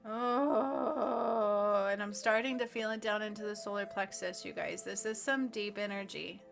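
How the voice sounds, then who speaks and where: A woman leading a guided healing meditation, speaking slowly and earnestly and reciting affirmations aloud. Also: medium pitch, gravelly, fairly bright tone, soft background music. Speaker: spiritual healer.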